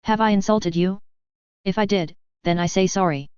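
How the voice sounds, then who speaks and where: A woman voicing a terse, masked young woman who speaks in stilted, halting phrases, read as a fan fiction audiobook. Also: mid-range voice, darkish tone, clear, resonant tone, no echo, lo-fi sound, lightly acted. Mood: calm, measured.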